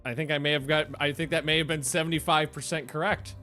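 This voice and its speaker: A man's voice: fairly high pitch, steady tone, quick pace, sharp tone, faint music behind. A young American man streaming a colony game, rambling and correcting himself as he plays. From United States. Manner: chatty, rambling, self-correcting. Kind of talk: casual gameplay commentary.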